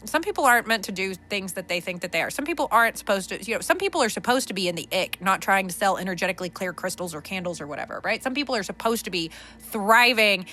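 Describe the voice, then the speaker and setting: A woman's voice: medium pitch, expressive, fast talker, bright, forceful tone. A woman hosting a podcast, ranting bluntly and profanely with lots of restarts. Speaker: podcast host. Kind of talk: unscripted spiritual rant. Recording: faint background music.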